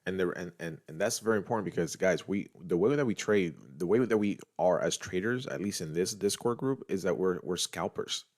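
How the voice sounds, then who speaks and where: A man's voice: sits low, brisk, hardly any pauses. A middle-aged man from Puerto Rico, a podcast co-host talking casually and animatedly to listeners, often restarting his sentences. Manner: animated, repetitive restarts, addresses listeners as guys. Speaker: podcast co-host, trading group leader.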